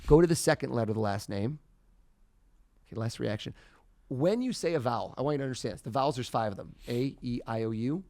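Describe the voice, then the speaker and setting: A man performing mind-reading as a podcast guest, talking theatrically and building to loud excited bursts. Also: medium pitch, fast talker. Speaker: mentalist guest.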